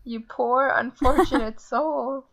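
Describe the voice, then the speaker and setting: A woman's voice: high-pitched, slow pace, vocal fry, fairly bright tone. A young woman chatting casually on a podcast with sarcastic, teasing remarks, on a dull lo-fi recording. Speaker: podcast co-host. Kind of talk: casual chat. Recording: dull lo-fi sound.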